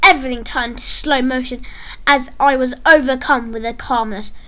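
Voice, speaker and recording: High-voiced woman reading a story. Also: moderate pace. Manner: earnest, expressive read-aloud with acted quotes. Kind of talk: reading a first-person story aloud.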